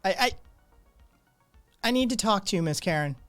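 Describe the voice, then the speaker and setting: A man doing a stammering street kid, high and pleading. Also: expressive, normal speed, a bit bright, faint music behind. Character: anxious young male street kid.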